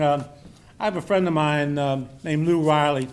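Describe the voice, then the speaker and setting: An older man from Maryland speaks to a society gathering in a loose, folksy way, stopping and restarting often. His voice sits a little high for a man. A faint hum runs under the talk. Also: steady tone, normal speed. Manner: rambling, folksy, with many fillers and restarts. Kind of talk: informal after-dinner speech.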